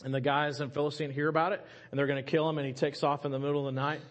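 A man's voice: fairly high pitch, little pitch movement, rapid-fire. A middle-aged man, preaching a sermon as a pastor, telling a scripture story with humorous asides to the congregation.

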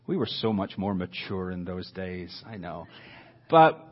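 A man in his fifties preaching to a church congregation as a visiting mission speaker, swinging from loud declarations to hushed drops. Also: low voice, sing-song, measured pace. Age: 50s. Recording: dull lo-fi recording.

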